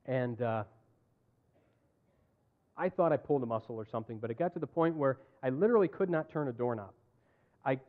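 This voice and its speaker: A middle-aged man preaching a sermon as pastor, telling personal stories and acting out the dialogue in them. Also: mid-range voice. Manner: animated, acts out dialogue in his stories. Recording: tinny phone-like sound.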